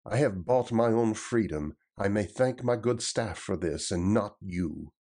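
A man voicing a sturdy, boastful tanner who talks in a loud, defiant way. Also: fairly low pitch, animated, a little slow. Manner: defiant, challenging delivery, raised and louder. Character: blunt, boastful male tanner, sturdy and mocking.

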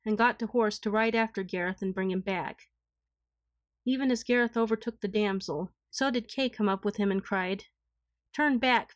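A woman's voice: medium pitch, dry recording. Woman narrating an old legend, dry close. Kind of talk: storybook narration.

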